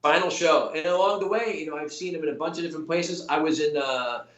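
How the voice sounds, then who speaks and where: Animated man telling a story, roomy echo. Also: on the high side, quick pace, dull audio. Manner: animated, many restarts and quoted voices. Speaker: actor guest. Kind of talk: casual storytelling.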